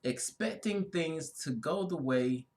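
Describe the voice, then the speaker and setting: A man co-hosting a casual spiritual talk, speaking in an easygoing, drawn-out way with frequent affirmations. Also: on the high side, expressive, darkish tone. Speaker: co-host.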